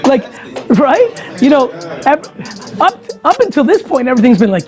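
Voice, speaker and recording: A man's voice: very high-pitched, sing-song, moderate pace, music in the background. A middle-aged man talking casually as an interview guest, emphatic and profane, often rambling through his points.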